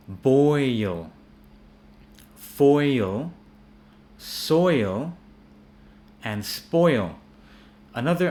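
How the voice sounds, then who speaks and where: Low-voiced man teaching pronunciation casually. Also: slight background noise. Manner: relaxed, repeats words and asks "yeah?" often. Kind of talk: casual spoken lesson.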